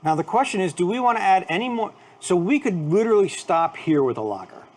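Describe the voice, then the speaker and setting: A man co-hosting a brewing stream, his voice a bit high. He walks through the malts and their flavors in a steady, plain way, casual and unhurried. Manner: steady, explains ingredients plainly. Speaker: brewer co-host. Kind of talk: casual chat explaining brewing.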